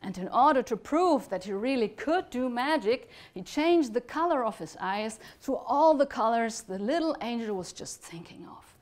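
A woman lecturer telling a fairytale at a conference talk, expressive and sometimes dropping to a whisper for effect. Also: a little high, normal speed, few pauses. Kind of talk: storytelling to an audience.

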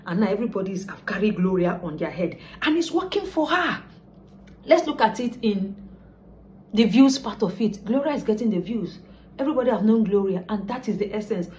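A woman's voice: medium pitch, a little fast. A woman with a Nigerian accent, a lifestyle vlogger chatting casually to camera and slipping into pidgin. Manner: chatty, mixes pidgin, lively asides. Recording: slightly dull lo-fi sound with faint background noise.

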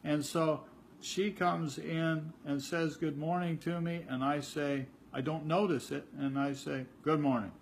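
A man's voice: fairly high pitch, fairly even intonation, slow, vocal fry, a little hiss or hum. Older man giving a chatty spiritual talk. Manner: conversational, repeats words, acts out little dialogues. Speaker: spiritual teacher.

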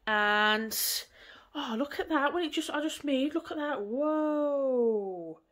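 Her voice sits high and fairly bright, animated yet slow. An English vlogger in her 20s, she chats and rambles from her living room, throwing in some mild swearing.

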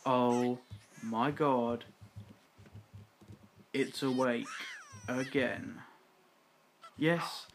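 A young adult playing a life-simulation game and commenting casually, growing exasperated and swearing at the characters, swinging between loud outbursts and tired muttering. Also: mid-range voice, fairly even intonation, slow, long pauses. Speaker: gaming channel host. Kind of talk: casual let's-play commentary.

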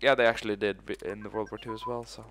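Low-voiced man thinking aloud through a game. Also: flat delivery, fast, a bit bright, a little hiss or hum. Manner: thinking aloud, loose and profane. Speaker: gaming video host. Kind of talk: casual let's-play commentary.

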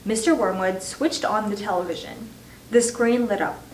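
Woman reader, children's book read-aloud, measured; roomy, distant mic, faint hiss. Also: medium pitch, a little mellow. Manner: measured, slows for emphasis. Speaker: volunteer reader.

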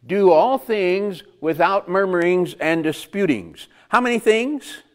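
A man's voice: high-pitched, expressive, takes it slowly. A man preaching a conversational sermon, asking the congregation rhetorical questions and chuckling between points. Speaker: pastor.

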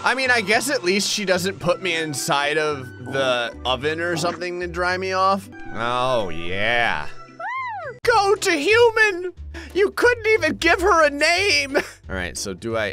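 Give me an excitable man riffing over a video game. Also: mid-range voice. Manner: excitable, jokey, talks back to game characters. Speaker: gaming YouTuber. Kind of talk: comedic let's play commentary.

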